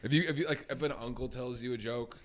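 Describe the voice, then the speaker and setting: A young man co-hosting a podcast, telling a joke in casual chat and getting animated with it. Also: mid-range voice, fast talker. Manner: laughs loudly at punchlines, animated storytelling. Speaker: podcast co-host.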